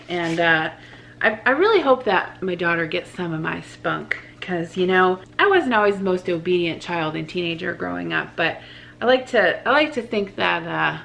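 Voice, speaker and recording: A woman's voice: medium pitch, gravelly, pushed and bright, slight background noise. A woman in her thirties, a vlogger reading out viewer cards in a chatty, giggly way that rambles and restarts.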